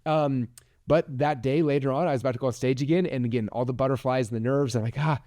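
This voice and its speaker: A man in his forties giving an energetic, chatty motivational talk as a podcast host, full of "like" fillers. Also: mid-range voice, fast talker.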